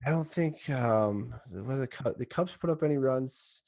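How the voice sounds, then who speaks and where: A man co-hosting a sports podcast, rambling and excitable, restarting his sentences as he recaps a game. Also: mid-range voice, normal speed, gravelly, dry recording. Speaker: podcast co-host. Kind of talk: casual sports chat.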